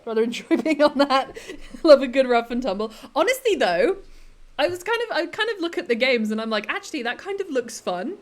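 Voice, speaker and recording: A woman with a slightly high voice talks casually to her stream chat while she plays a block-building game. She giggles often and drifts from topic to topic, reacting to viewers as she goes. She speaks into a desk microphone. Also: animated, brisk. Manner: chatty and giggly, answering chat between tasks.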